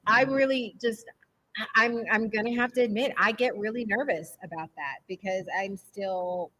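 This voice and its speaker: Woman moderator, mid voice, a little halting and searching for words. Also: mid-range voice, bright, forceful tone, low-quality recording. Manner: halting, self-correcting. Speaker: panel moderator. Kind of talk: casual panel discussion. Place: convention panel room.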